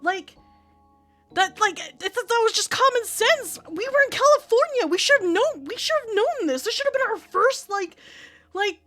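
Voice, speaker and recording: Late-thirties woman streamer, very high pitch, profane rambling storyteller, faint background music. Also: expressive, normal speed, fairly bright tone. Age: 30s. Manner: rambling, profane, laughs a lot. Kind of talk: casual storytelling chat.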